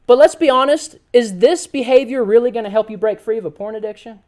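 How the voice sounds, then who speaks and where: A man giving an animated, joking sermon to a youth group as youth pastor, often telling the crowd to listen. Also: very high-pitched, quick pace. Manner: casual everyday slang.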